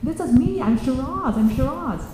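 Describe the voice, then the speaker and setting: A woman voicing an earnest young girl who pleads in a raised pitch, in a children's story told in an echoey church hall. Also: animated, moderate pace, background noise. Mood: pleading.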